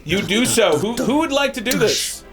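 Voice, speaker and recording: A man's voice: extremely high pitch, lively intonation, normal speed, over loud music. A man narrating a tabletop game as game master, playful and tripping over his words.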